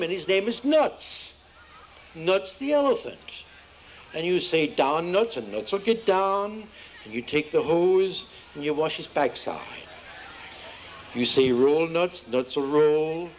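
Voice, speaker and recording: A man's voice: slight background noise, poor audio. Homespun male joke teller. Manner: homespun storyteller, acts out dialogue with shifting pitch. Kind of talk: folksy joke telling to a live audience. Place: outdoor festival.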